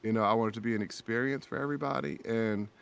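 A man's voice: fairly low pitch, fast talker, vocal fry, clear, resonant tone. A man guest on a podcast, telling an emotional story in a casual chat, acting out the quotes as he goes. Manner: emotional, animated retelling with acted quotes.

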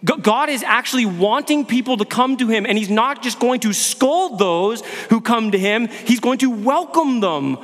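A man's voice: very high voice, lively intonation, normal speed, hardly any pauses, fairly bright tone. A male pastor giving an earnest sermon, asking his listeners questions and often repeating words as he goes. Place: church sanctuary. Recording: long hall reverb.

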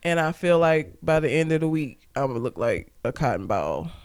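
A woman's voice: sits low, very animated, a little fast, a little mellow. A young woman co-hosting a casual chat, candid and laughing often as she tells stories. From Southern United States. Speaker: podcast co-host.

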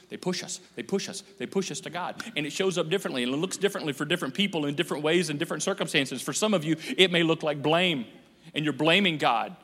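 A man preaching a sermon as pastor, animated and joking, acting out the voices of people he quotes. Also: high-pitched. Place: church auditorium. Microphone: handheld microphone on stage. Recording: echoey church hall.

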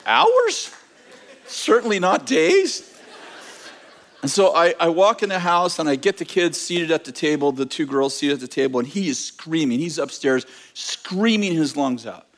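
Animated storytelling preacher man. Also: a little high, moderate pace, few pauses. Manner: animated storyteller, self-mocking, repeats words when starting. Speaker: pastor. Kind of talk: sermon with personal story.

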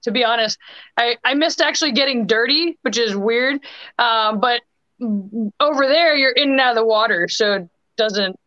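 Young woman podcast guest, bright and crisp, chatty with many restarts; dry, dull lo-fi call audio. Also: fairly high pitch, no echo. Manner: chatty, quick bursts with many restarts and fillers. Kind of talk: casual storytelling chat.

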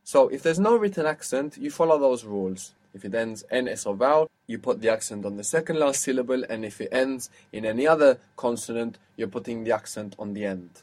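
A man leads an audio language lesson, explaining spelling and stress step by step. He pauses to quiz his student and walks through each answer patiently. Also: mid-range voice, lively intonation, darkish tone. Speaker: language teacher.

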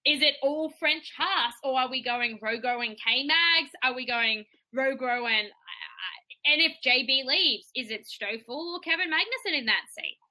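A young woman with an Australian accent talks in a high, bright voice. She co-hosts a casual podcast chat and her delivery is quick and animated, full of laughing asides. Her tone stays crisp and sharp the whole way through. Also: poor audio. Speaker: podcast co-host.

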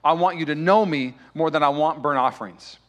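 Young male pastor, sermon delivery, a touch higher-pitched, passionate swells and emphatic peaks. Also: a little fast. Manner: impassioned preaching with loud, rising peaks. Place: church sanctuary.

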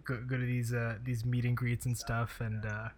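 A man co-hosting a relaxed podcast conversation. He speaks in an easygoing, halting way, with frequent pauses and chuckles. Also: medium pitch. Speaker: podcast co-host. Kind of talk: casual chat.

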